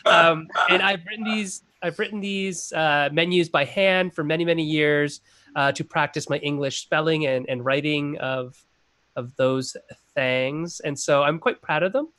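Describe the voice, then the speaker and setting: A man's voice: fairly high pitch, unhurried, sharp tone, no room sound. Chatty man playing a tabletop game. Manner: chatty, slips in and out of character with asides. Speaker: player. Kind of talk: in-character tabletop role-play.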